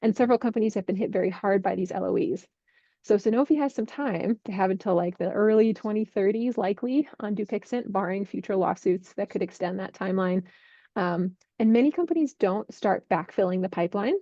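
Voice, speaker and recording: Speaking briskly in a dark-toned, mid-range voice, a woman who works as a healthcare investment analyst lays out drug industry developments in a clear, methodical way. The recording is dry, with the highs cut off.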